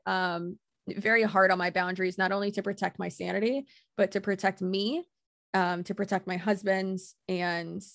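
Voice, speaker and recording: A woman's voice: lowish voice, creaky, fairly bright tone, no room sound, clean studio sound. A woman talking casually and bluntly as a podcast guest, assertive, swearing freely and laughing often. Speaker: guest content creator.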